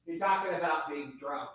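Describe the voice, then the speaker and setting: A man's voice: fairly high pitch, unhurried, a bit bright, slight background noise. Chatty man hosting a live stream. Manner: chatty, rambling, laughs easily. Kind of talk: casual live chat with viewers.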